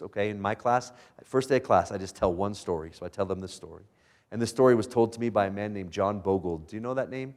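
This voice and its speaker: A man speaking as a guest lecturer to college students in a lecture room, animated, firing rhetorical questions at the audience and chuckling often. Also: on the low side. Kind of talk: motivational lecture.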